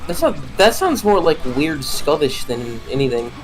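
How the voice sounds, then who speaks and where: A man's voice: fairly high pitch, big pitch swings, normal speed, poor audio. A man with a slight Texan accent chatting in a laid-back way while streaming a game. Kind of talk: casual chat while gaming. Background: game music.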